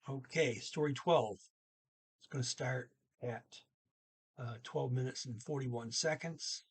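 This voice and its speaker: A man's voice: medium pitch, takes it slowly, slightly rough. A man teaching a language lesson, thinking aloud with many fillers and restarts, speaking.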